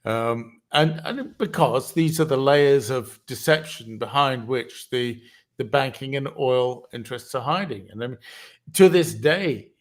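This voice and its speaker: A man hosts a casual online chat at an ordinary pitch, his delivery halting and meandering before he gets to the point. He frequently stops and restarts mid-sentence and fills his thoughts with "uh" and "um."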